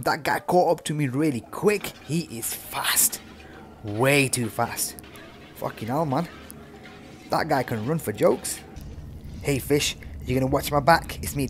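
A man giving casual live commentary on a horror game, swearing freely and talking to the characters on screen, yelling when chased. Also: mid-range voice, unhurried, a little hiss or hum. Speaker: gameplay commentator.

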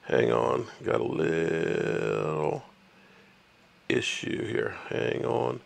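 On his casual sports livestream, a man chats with viewers and rants at fans of rival teams. His voice is deep and gravelly, with big pitch swings and drawn-out words.

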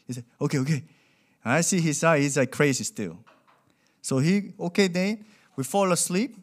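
Lively young male preacher. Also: fairly high pitch, a little fast. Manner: animated, acts out quoted voices, non-native grammar. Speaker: pastor. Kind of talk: sermon with storytelling.

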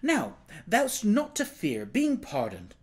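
A man's voice: high-pitched, huge pitch swings, slow, slightly rough, voice pushed up, exaggerated voice. A man voicing an eager, earnest young boy king who urges and pleads in a storybook reading. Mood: kindly insistent. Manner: earnest, urging.

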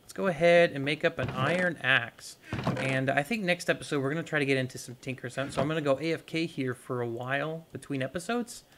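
A man's voice: mid-range voice, a little fast, fairly bright tone. Young male gaming host, rambling let's-play chat, light hiss on the mic. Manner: rambling, talks to viewers while playing. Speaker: gaming YouTuber. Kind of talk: casual let's-play commentary.

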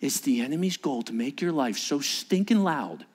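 A male pastor preaching a sermon with animated storytelling, swinging from loud emphasis to hushed asides. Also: medium pitch, normal speed.

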